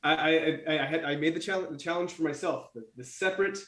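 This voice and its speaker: A man's voice: fairly high pitch, fast talker, fairly bright tone, reverberant. A man, a guest artist, chatting casually, laughing often and stopping to restart his sentences. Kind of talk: casual chat.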